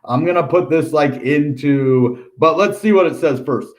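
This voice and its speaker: On a casual crypto livestream, an American host with a voice on the high side walks through price charts at a measured pace. He's upbeat and talkative, dropping lots of ums, "dude," and cheerful remarks along the way.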